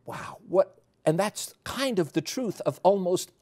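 A man's voice: high voice, expressive, moderate pace, darkish tone. A man with a New York accent hosting an interview show, friendly and laughing often.

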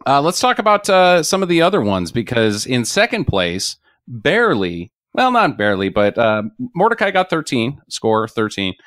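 A man's voice: medium pitch, sing-song, moderate pace, a bit bright, no echo, studio quality. A man hosting a casual podcast chat, blunt and sarcastic, swearing freely. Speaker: podcast host.

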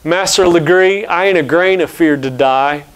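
A steadfast, pious old man speaks earnestly and pleads in a slow, measured way, as a preacher voices him. The voice is smooth, clear and fairly high for a man. It is a story read aloud during a sermon. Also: lightly acted. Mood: resolute.

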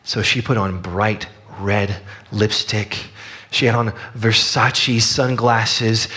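Earnest man preaching a story sermon. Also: medium pitch. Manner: storytelling, earnest, dropping soft on key lines. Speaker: pastor.

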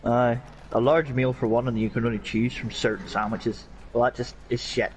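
A man's voice: medium pitch, little pitch movement, moderate pace, faint music behind, poor audio. A young Northern Irish man chatting casually while gaming, sweary and rambling. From Northern Ireland. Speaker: gaming streamer.

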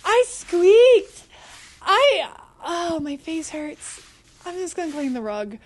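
A young woman with a high, bright-pitched voice streams a spooky game and talks straight to her chat. She is easily startled and curses freely, breaking into squeals and giggles. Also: animated, measured pace. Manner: jumpy, swears, shrieks and laughs when startled, chats to viewers.

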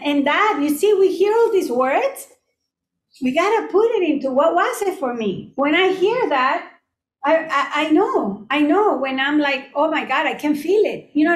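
A middle-aged woman leading a casual group talk, animated and full of storytelling asides. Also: high-pitched. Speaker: group discussion leader. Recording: echoey room.

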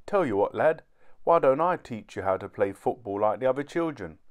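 Man doing a friendly easygoing dad, encouraging, lively tone. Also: medium pitch, normal speed, close to an everyday voice. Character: kindly, easygoing father.

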